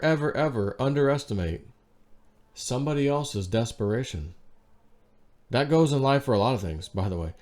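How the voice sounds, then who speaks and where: A man's voice: fairly low pitch, a little mellow. A man hosting his own show, talking in a loose, rambling way, full of "you know" asides and emphatic warnings. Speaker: show host. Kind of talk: casual monologue.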